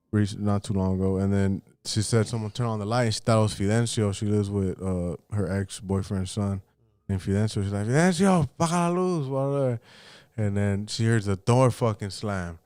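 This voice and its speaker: A man's voice: fairly low pitch, darkish tone, smooth, no room sound. A man casually telling a personal story on a podcast, loose and profane, acting out what his relatives said.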